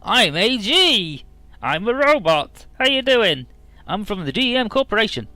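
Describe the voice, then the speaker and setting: A man voicing a chatty little round robot salesman in a game recap, in a bubbly, high-pitched voice. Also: very animated, moderate pace, bright, forceful tone, no room sound, soft background music, exaggerated voice. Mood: chipper.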